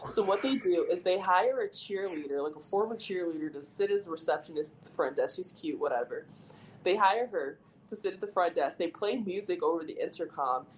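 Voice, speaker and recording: A woman's voice: on the low side, a little fast, slight background noise, poor audio. A young adult woman on a casual podcast, telling a story with lots of "like" and acting out the people in it. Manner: animated, lots of "like", acts out quoted voices.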